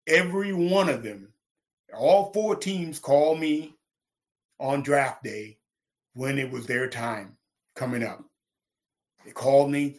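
A middle-aged man from Texas, a former football linebacker, telling his story in an interview with lively, acted-out quotes. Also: takes it slowly, long pauses. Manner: animated, acts out quotes with big pitch jumps, laughs.

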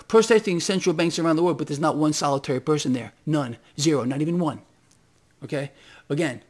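Impassioned man, rhetorical and repetitive. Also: moderate pace. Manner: rhetorical questions, repetitive, swings from shouting to low mutters. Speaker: finance video blogger. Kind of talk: impassioned monologue to viewers.

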